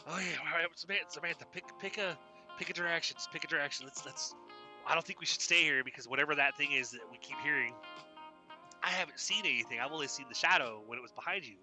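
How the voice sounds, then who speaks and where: A man voicing a young woman who keeps calming her scared friend, speaking soothingly and repeating herself. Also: fairly high pitch, quick pace, music in the background, close to an everyday voice. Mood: urging.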